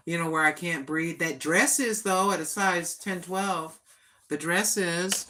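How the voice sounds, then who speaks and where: Older lady vlogging casually, bright forceful voice, a bit low, earnest and chatty. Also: fairly even intonation, a little slow, a little hiss or hum. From United States. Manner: plain-spoken, chatty and earnest. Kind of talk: casual livestream chat.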